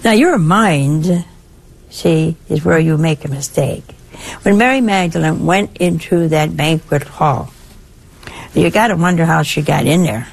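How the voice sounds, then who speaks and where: An older woman preaches in an easy, conversational way. Her voice is husky and a little breathy. It swings up high and drops low as she makes her points. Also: a little slow. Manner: lively, conversational, with wide swings in pitch. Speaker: religious speaker. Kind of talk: sermon-style talk.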